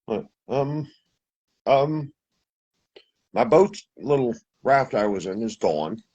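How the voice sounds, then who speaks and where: A man's voice: mid-range voice, expressive, slow, darkish tone, breathy edge, low-quality recording. A man from Montana casually telling a long personal story, rambling, with many asides and self-corrections. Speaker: guest telling an encounter story.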